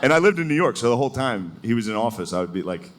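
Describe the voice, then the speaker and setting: A man doing a live stand-up set, talking loosely with lots of "like" and quick impressions. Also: mid-range voice, very animated. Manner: loose, rambling delivery full of "like" and quick impressions. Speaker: stand-up comedian. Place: comedy club stage with laughing audience. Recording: live room with audible audience noise.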